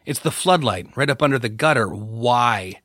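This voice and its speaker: A man's voice: medium pitch, animated, fairly bright tone, no room sound, clean studio sound. A man doing a nervous, cautious teenage boy. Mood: worried. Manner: nervous, hurried.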